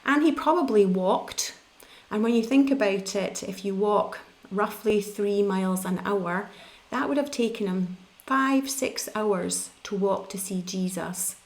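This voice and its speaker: A woman's voice: mid-range voice, a little slow. A middle-aged woman from the UK preaching a sermon, explaining scripture in a conversational teaching manner.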